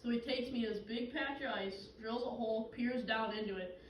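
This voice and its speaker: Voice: mid-range voice, a little fast, close to an everyday voice. A young performer playing Carl, a wisecracking middle-aged fisherman who swaps tall tales in a comedy skit. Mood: storytelling. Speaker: actor in a two-person comedy skit. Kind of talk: scripted comedic dialogue. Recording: roomy, distant, noisy stage recording.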